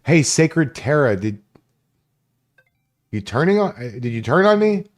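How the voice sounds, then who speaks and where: A livestream host with a fairly high-pitched voice rants at chat viewers, very animated yet unhurried. He's combative and profane as he delivers his commentary.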